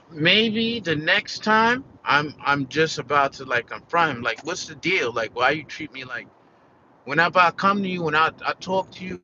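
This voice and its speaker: A man's voice: on the high side, bright, forceful tone, lo-fi sound, slight background noise. An American man venting in a casual, rambling vlog rant, peppered with "like" and "you know" and swearing. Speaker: vlogger.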